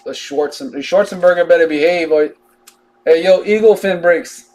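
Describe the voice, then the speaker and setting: Chatty high-voiced man. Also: moderate pace, a little mellow. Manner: chatty, drawling, jokey asides while reading out cards. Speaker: card breaker. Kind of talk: casual live card-break chat.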